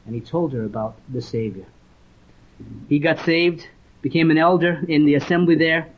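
A man's voice: on the high side, normal speed. A man from England, preaching a sermon and telling stories with earnest conviction. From Leeds, northern England. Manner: earnest storytelling, reads scripture aloud. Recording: dull lo-fi recording.

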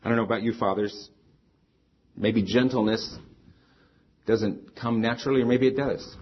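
A man's voice: mid-range voice, fairly even intonation, normal speed, slight background noise. A middle-aged man preaching a sermon as a pastor, earnest and conversational, weaving in personal stories. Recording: slightly dull lo-fi sound.

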